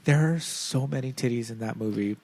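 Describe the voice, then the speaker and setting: A man co-hosting a casual podcast chat, animated and laughing often, with lots of fillers. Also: mid-range voice, brisk, no echo. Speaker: podcast co-host.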